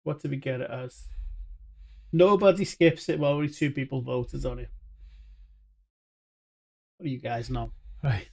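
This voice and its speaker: A man's voice: mid-range voice, moderate pace, gravelly, long pauses, darkish tone. A man giving chatty, rambling live commentary on a game he is playing, with jokey asides. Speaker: streamer.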